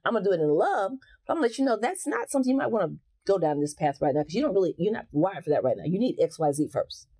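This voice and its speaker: Fast-talking frank woman, warm low voice. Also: big pitch swings. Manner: frank, emphatic, restarts often. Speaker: guest coach. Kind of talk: casual interview talk.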